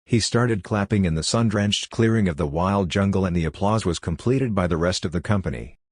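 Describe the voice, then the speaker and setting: A man reading a novel aloud as an audiobook narrator, in a measured, even manner. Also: low-pitched, no room sound, studio quality.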